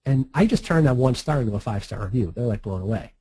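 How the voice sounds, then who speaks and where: A man's voice: medium pitch, animated, fast, dark tone, slightly rough, no room sound, poor audio. A man walking through a screen-share marketing tutorial in a chatty, breezy way, with frequent laughs and asides. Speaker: online marketing instructor.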